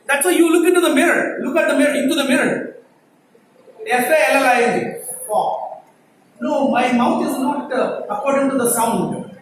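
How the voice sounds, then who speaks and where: A man's voice: very high-pitched, a little fast. A man whose first language is Telugu, speaking English with a Telugu accent, giving a classroom lecture on pronunciation and drilling single sounds with emphatic repetition. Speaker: English teacher trainer. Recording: echoey room, distant mic, faint noise.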